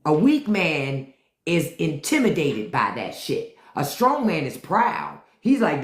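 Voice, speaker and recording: With a low-pitched voice, very animated yet slow-paced, this podcast host rants bluntly and with plenty of swearing on her live stream, taunting the people in her chat. The recording has an echoey sound.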